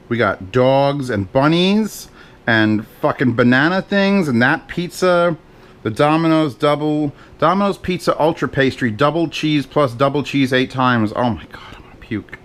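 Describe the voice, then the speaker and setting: At a measured pace and medium pitch, this man rambles through a casual cooking vlog in his home kitchen. He sprinkles in swearing and jokes at his own expense as he cooks.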